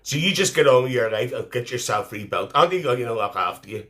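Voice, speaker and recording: Cheeky auntie played by a guy, bright lively voice swinging up and down, teasing and motherly on a phone live. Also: mid-range voice, quick pace, lightly acted. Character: chatty cheeky middle-aged Irish auntie woman. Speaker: live stream host. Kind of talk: live stream chat reading comments.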